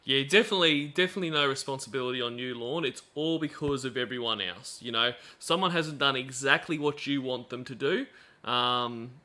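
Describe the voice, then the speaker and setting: A man hosts a stream with chatty, sarcastic commentary full of fillers. His voice is bright and forceful, at a middle pitch. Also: a little fast. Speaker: stream host. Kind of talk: live commentary on played calls.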